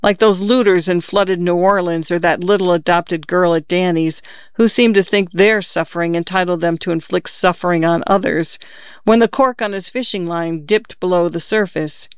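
An audiobook narrator reading a literary story in a measured, even manner. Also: mid-range voice, clean tone, no room sound, clean studio sound.

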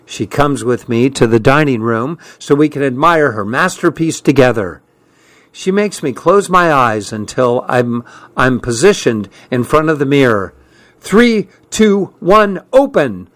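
A man narrating a first-person story from a script in a calm, measured way. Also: mid-range voice, dry recording. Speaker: audiobook narrator.

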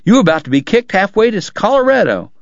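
A man's voice: high-pitched, very animated, quick pace, vocal fry, dry recording, dull audio, voice pushed up, full character voice. Man doing a coughing, ailing frontier gambler. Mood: alarmed.

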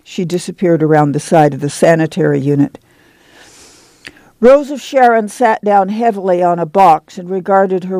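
A man reading a novel aloud in measured, steady narration. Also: a little high, gravelly, dry recording, poor audio. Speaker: audiobook narrator. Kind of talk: scripted narration.

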